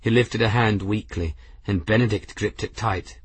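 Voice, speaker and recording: Husky low-voiced male narrator. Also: normal speed, no echo. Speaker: audiobook narrator. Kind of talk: scripted narration.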